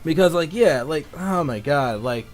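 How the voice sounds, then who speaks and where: A young man reviewing a cartoon episode in casual, rambling talk, excitable and profane, full of fillers, now and then mock-shouting in a high, exasperated voice. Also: moderate pace, faint music behind. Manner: rambling, excitable, swears a lot, fills with "like" and "you know".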